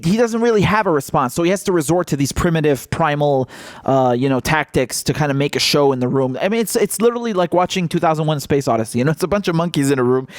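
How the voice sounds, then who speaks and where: A male political commentator in a casual vlog, talking in a mocking, animated way and laughing often. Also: on the high side, no room sound, clean studio sound.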